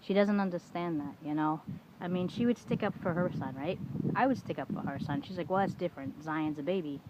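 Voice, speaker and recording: A middle-aged woman vlogger vents frankly to the camera, swearing a lot, saying "you know" often, and acting out the arguments she quotes. Her voice is fairly low and fairly quick. The home recording is dull and lo-fi with faint room noise.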